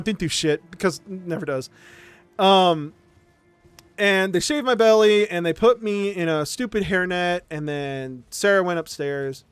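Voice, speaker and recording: A man streaming live, telling a story in an animated way, swearing often and laughing between lines. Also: sits high, no echo.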